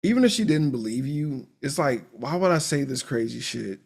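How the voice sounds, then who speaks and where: A man's voice: mid-range voice, expressive, normal speed, creaky, a little mellow, husky. A man co-hosting a podcast, recapping a film in casual, profane chat and acting out the characters' lines with big jumps in his voice. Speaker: podcast co-host.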